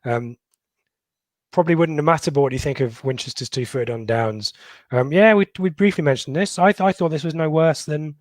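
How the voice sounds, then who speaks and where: A middle-aged man co-hosting a football podcast, reading out viewers' comments in a halting, casual way with many pauses and ums. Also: on the high side, no room sound. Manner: halting, lots of ums and restarts. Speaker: podcast co-host.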